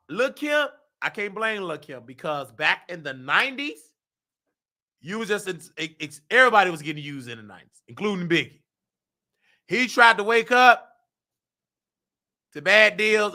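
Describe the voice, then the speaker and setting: Bright, high-voiced man holding forth. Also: moderate pace. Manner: animated, loose slangy storytelling with sudden sung bits. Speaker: show host. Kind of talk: casual commentary.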